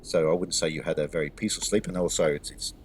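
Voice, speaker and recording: A man's voice: a bass voice, fast talker, slight background noise. A man narrating as game master in a tabletop game, rambling with many restarts.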